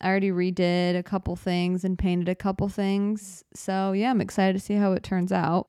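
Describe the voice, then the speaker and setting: A young woman talks into her studio microphone in a loose, rambling podcast chat. Her voice sits low and smooth, and the room sounds dry and close. She jokes at her own expense and hurries until she's out of breath. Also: steady tone, warm tone, dry recording. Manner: rambling, self-deprecating, talks fast and runs out of breath. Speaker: podcast host. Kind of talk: casual solo podcast chat. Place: small studio apartment.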